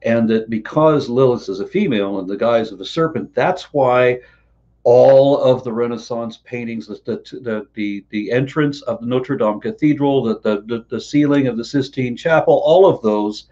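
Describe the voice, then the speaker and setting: A man's voice: mid-range voice, moderate pace, mellow, lo-fi sound. A man hosting a casual interview, telling stories and asking questions with a rambling way of talking that stumbles over repeated words. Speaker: host.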